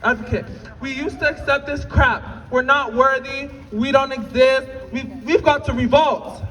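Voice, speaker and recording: A woman in her twenties from Utah giving an emotional rally speech, at times tearful and shouting to the crowd. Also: high-pitched, fairly even intonation, measured pace. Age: 20s. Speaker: rally speaker. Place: outdoor rally in a city. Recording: distant outdoor rally recording with crowd and echo. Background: crowd noise.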